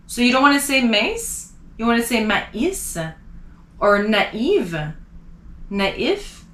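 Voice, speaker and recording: Bright-voiced woman teaching in an echoey room. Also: medium pitch. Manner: explains slowly, repeats words to demonstrate pronunciation. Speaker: French teacher. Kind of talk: beginner language lesson.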